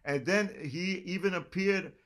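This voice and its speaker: Fairly high-voiced male interviewer. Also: a little slow, a bit bright. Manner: admiring interjections, explains background to listeners. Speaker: interviewer host.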